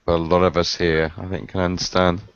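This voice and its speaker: A man chatting casually in a measured, thoughtful way during a video call, pausing on fillers. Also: deep voice, level tone. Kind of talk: casual chat. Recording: dull lo-fi video call audio with faint noise.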